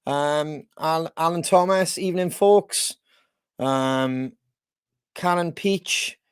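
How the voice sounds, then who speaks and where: A man's voice: on the high side, slow, smooth, no room sound, studio quality. A man co-hosting a podcast, chatting in a rambling, easygoing way with lots of fillers over a video call. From Wales. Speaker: podcast co-host. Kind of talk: casual chat.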